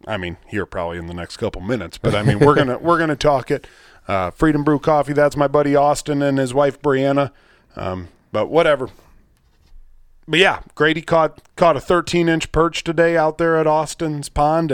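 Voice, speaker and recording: Excitable rambling man. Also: a little high, normal speed, clear, resonant tone, no room sound, clean studio sound. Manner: rambling, excitable storyteller with mild swearing. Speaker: podcast host. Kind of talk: casual chat.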